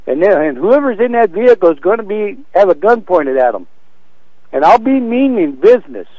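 An older man speaks on a phone call in a stern, blunt and threatening way. His voice sits fairly high, and it comes through a dull, lo-fi line with dry, close sound. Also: sing-song, fairly quick, no room sound. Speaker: prank call target.

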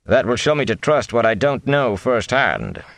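A man's voice: mid-range voice, huge pitch swings, normal speed, creaky, a bit bright, no echo, pitched above the performer's own voice, heavily acted. A man voicing a wry, sardonic old traveling minstrel who speaks in a dry, mocking drawl.

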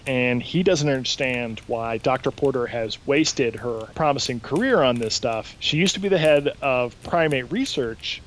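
A man hosting a podcast, casually recapping a show in an animated way and swearing freely. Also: medium pitch, normal speed, slight background noise, poor audio. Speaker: podcast host. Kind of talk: casual chat, recapping an episode.

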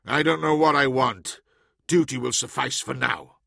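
A man voicing a calm, reserved warrior who speaks in terse, measured lines. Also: medium pitch, gravelly, dry recording, studio quality, full character voice. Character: calm, reserved male warrior, quiet authority. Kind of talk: audiobook character voice.

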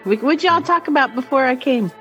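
A woman's voice: high-pitched, lively intonation, a little fast, pushed and bright, highs cut off, soft background music. A woman chatting casually on a podcast in an easygoing, giggly way. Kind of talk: casual chat.

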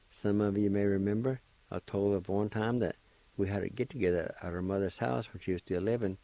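A middle-aged man hosting a radio show, introducing a story in a relaxed, chatty way. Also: sits low, dry recording. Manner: relaxed, chatty, gives friendly advice.

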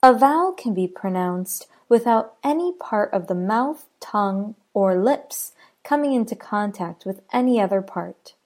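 A woman teaching pronunciation, speaking deliberately and repeating each example for practice. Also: mid-range voice, darkish tone. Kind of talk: scripted pronunciation lesson.

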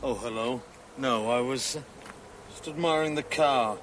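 A man's voice: mid-range voice, unhurried, a bit bright, natural voice. An officious customs officer, played by an actor. He speaks dry and polite with a pointed edge, in a mid-range voice. Faint noise hums under the TV audio.

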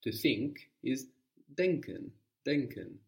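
A man's voice: mid-range voice, lively intonation, slow, distant mic. Patient man teaching a language lesson. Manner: patient, prompting with questions.

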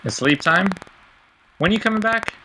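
A man hosting a casual podcast chat over an online call, teasing his co-hosts with quick questions. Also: sits high, expressive, sharp tone, a little hiss or hum, poor audio. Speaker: podcast host.

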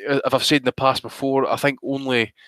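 A man on a podcast panel speaks bluntly, laying out firm opinions in casual chat. His mid-pitched voice is recorded dry and close. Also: little pitch movement, brisk, fairly bright tone, no echo.

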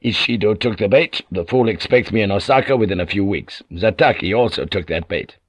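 A man voicing an aging warlord in an audiobook, measured, authoritative and sly. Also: on the low side, slightly rough, dry recording. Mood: scheming. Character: aging male warlord, cunning and commanding. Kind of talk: audiobook character voice.

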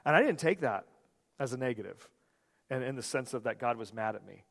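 A male pastor delivers a sermon in a middle-pitched voice, storytelling with lively energy and plenty of restarts. His words ring out with a long reverb, as in a large church sanctuary. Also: brisk, gravelly. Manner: animated storytelling with frequent restarts.

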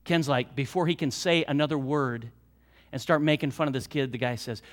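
A middle-aged male pastor with an American Midwest accent, preaching an animated sermon that swings between soft and loud. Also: brisk. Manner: animated preaching with big swings in loudness and pitch.

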